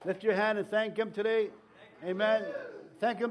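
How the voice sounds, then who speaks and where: A middle-aged man preaches in a church, pitched a little high for a man. He talks in a folksy, rambling way, full of restarts and fillers. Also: normal speed. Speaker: pastor. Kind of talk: sermon. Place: church sanctuary.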